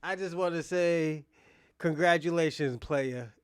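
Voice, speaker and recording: Smooth-voiced teasing male co-host. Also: a little high, measured pace, no room sound, studio quality. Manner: teasing, laughs between phrases. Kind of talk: teasing live-stream banter.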